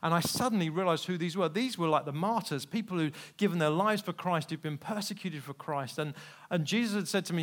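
A man preaching a sermon in church, telling a personal story and moving between hushed passages and loud, emphatic ones. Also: on the high side, brisk, hardly any pauses. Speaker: pastor.

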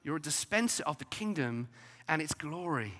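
A man preaching a sermon, emphatic, rising to loud declarations and dropping to soft asides. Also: fairly high pitch, animated, normal speed. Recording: long hall reverb.

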